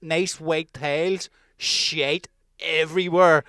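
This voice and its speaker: A man's voice: on the high side, steady tone, takes it slowly, a crowd in the background. A man co-hosting a podcast, bantering bluntly and swearing in casual chat. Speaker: podcast co-host.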